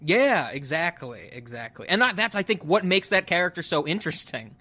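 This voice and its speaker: A man's voice: fairly high pitch, expressive, a little fast, bright, forceful tone, no room sound. A man co-hosting a casual movie discussion podcast, opinionated and blunt, swearing casually. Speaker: podcast co-host.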